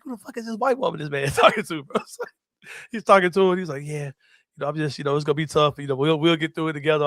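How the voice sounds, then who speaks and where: A man hosting a casual sports-show chat, a loud, laughing storyteller who swears freely. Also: on the high side, dry recording, clean studio sound. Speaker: podcast host.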